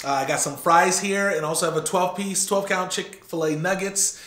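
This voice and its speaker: A man co-hosting a casual mukbang Q&A, talking in a relaxed, rambling way with a chuckle. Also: high-pitched, normal speed, a little hiss or hum. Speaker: co-host. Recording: roomy home recording.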